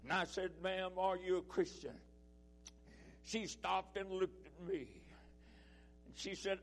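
A man preaching a sermon, emphatic, repeating his phrases and swinging between loud and soft. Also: high voice, fairly even intonation, moderate pace.

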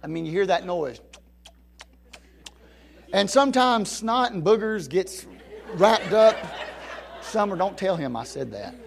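A man preaching from the pulpit with a high-pitched voice. He builds to loud, fervent climaxes and then drops to a quiet hush. He is a middle-aged pastor who speaks in the cadence of a sermon. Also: lively intonation, measured pace, gravelly, pauses often. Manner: rising to near-shouting peaks of preaching fervor, then dropping low and soft.

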